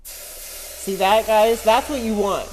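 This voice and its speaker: A woman's voice: mid-range voice, slow pace, darkish tone, a little hiss or hum. A woman in her home kitchen, talking to camera in a mock cooking tutorial and teasing her husband with earnest, over-serious instructions. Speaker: vlogger pranking her husband.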